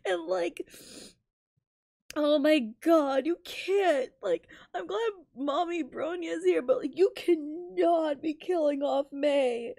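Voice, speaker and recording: A woman's voice: high voice, slow pace, gravelly, dark tone. A young woman streamer reacting to a game, crying and laughing through tears while she swears. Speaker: Vtuber streamer. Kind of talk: gaming reaction commentary.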